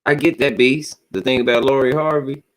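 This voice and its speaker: A man's voice: medium pitch, fairly even intonation, brisk, poor audio. A man in casual podcast chat, talking in a blunt, slangy, easygoing way.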